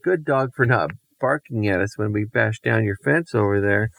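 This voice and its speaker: A man's voice: lowish voice, normal speed, vocal fry, fairly bright tone, voice pushed up. Cheeky girl ringleader, dad raising his voice for her, sing-song and breezy. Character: cheeky young girl leading a mischief trip.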